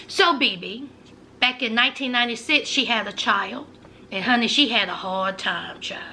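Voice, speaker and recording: Lively high-voiced woman recapping a show. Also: a little hiss or hum. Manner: chatty, animated, frequent "you know" and "honey, child" asides. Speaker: TV show reviewer. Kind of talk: casual episode recap.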